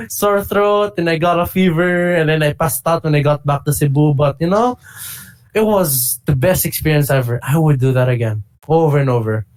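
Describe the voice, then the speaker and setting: A man co-hosting a casual fighting-game chat, telling stories with excitable energy. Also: a little high, moderate pace. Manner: excitable, animated storytelling with bursts of shouting. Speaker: podcast co-host.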